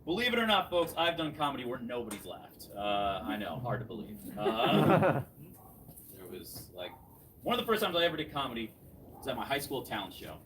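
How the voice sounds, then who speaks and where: A young man in his twenties doing a stand-up set, laughing at his own jokes and swinging between loud and soft. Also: medium pitch, sing-song, fairly quick, slight background noise. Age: 20s. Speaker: stand-up comedian. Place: small comedy venue with audience. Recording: distant mic with crowd laughter. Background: audience laughing.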